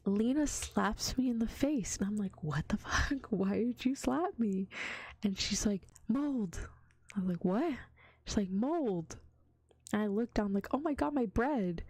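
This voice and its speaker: A woman's voice: lowish voice, vocal fry, darkish tone, no echo. A young woman streaming as a vtuber in whispered role-play, telling stories in a chatty, giggly way that slips into whispers.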